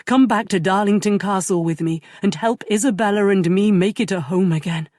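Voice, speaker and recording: A woman voicing a tender, remorseful young nobleman in love, speaking softly and earnestly. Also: medium pitch, a little fast, dry recording, studio quality, close to an everyday voice. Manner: soft, earnest and intimate.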